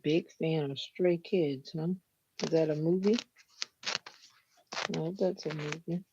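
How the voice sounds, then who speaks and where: A woman's voice: low-pitched, steady tone, takes it slowly. A woman hosting a casual livestream, chatting with viewers and greeting them by name, her voice a bit stuffy as if catching a cold. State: slightly stuffy, sounding like a cold. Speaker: livestream host. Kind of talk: casual live chat with viewers. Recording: dull lo-fi stream audio with faint noise.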